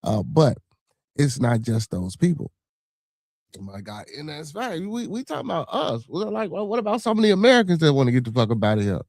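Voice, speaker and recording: Chicago man, livestream host, casual cursing banter, gravelly, dry booth sound. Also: a little high, very animated, fairly quick, a little mellow, dry recording. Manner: loose, profane, joking banter with frequent filler. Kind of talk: casual livestream chat reading out chat comments.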